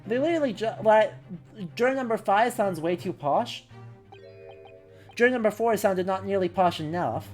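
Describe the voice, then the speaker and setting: A woman's voice: medium pitch, animated, normal speed, darkish tone, soft background music. A woman streaming a courtroom game, chatting casually and wryly, often breaking off mid-word to comment. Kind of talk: casual game let's play with read-aloud dialogue.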